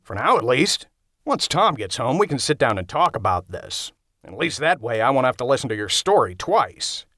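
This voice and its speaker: A man's voice: mid-range voice, very animated, normal speed, pushed and bright, no room sound, full character voice. A man voicing a blunt, unflappable young coworker in an audiobook, delivering lines in a dry, bored tone. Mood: deadpan. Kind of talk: audiobook character voice. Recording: dry close studio sound.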